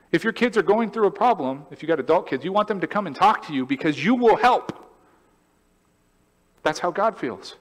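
Animated man preaching in a reverberant church. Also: on the high side. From California. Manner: animated, storytelling, acts out voices and laughs. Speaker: pastor. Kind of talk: sermon. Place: church sanctuary.

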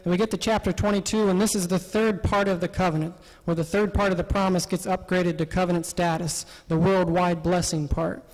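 A man presenting a Bible study session in an animated, laughing way, acting out the quotes. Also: high-pitched, brisk, hardly any pauses. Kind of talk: lively Bible study talk. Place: parish hall. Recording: long hall reverb.

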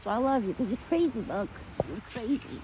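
A woman with a fairly high, very lively voice talks outdoors among trees, cooing and calling to an animal in doting baby talk and laughing often. She is recorded on a handheld phone with faint outdoor noise behind her. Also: fairly quick. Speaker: deer owner filming her pet. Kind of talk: casual vlog narration.

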